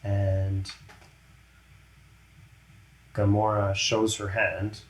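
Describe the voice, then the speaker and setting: A man running a tabletop game as game master, chatty and quick to laugh. His voice sits low. He sounds like he is in a room with a clear, roomy echo. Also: fairly bright tone, a little hiss or hum. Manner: chatty, laughs often, slips into character voices.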